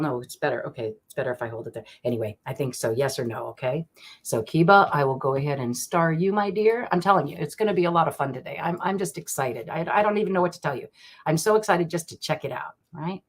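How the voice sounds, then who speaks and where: A woman hosting a live-stream psychic reading. She chats excitedly with viewers by name and slows into solemn invocations. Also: low voice. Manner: slow solemn invocation prayers. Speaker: online psychic reader. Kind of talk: live-stream divination chat.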